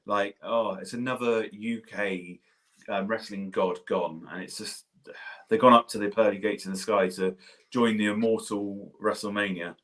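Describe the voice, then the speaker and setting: Man, slightly low voice, enthusiastic, gushing casual podcast chat. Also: steady tone, normal speed, a bit bright. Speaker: podcast co-host.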